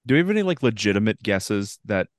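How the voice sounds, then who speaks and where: Podcast guy w a low voice, dry close mic, loose jokey banter about wrestling. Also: very animated, fast talker, dry recording. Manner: loose, joking banter, steers the segments. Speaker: podcast co-host. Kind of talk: casual wrestling podcast chat.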